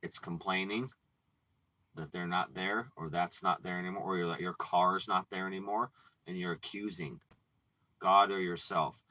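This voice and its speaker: A man hosting a livestream, ranting and preaching with frequent swearing, dropping from low mutters to loud outbursts. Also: steady tone, moderate pace, dry recording, poor audio. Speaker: livestream host.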